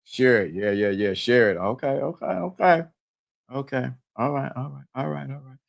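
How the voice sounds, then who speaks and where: A man hosting a live-stream talk show, animated and laughing, repeating himself and talking to the chat. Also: mid-range voice, moderate pace, creaky. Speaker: host.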